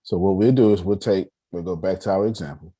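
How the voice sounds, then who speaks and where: A man leads a video-call class on money in a low, husky voice. He talks in an animated, joking way, calls on his listeners and often restarts his sentences. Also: fairly quick. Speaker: meeting host teaching personal finance. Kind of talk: casual teaching talk.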